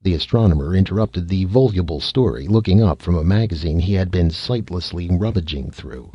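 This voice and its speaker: A man's voice: lively intonation, brisk, mellow, breathy edge, no echo, dull audio. A man reading a science fiction short story aloud as an audiobook narrator, giving each character a voice of his own. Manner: reads every character's lines himself, lifting his pitch for children and the mother.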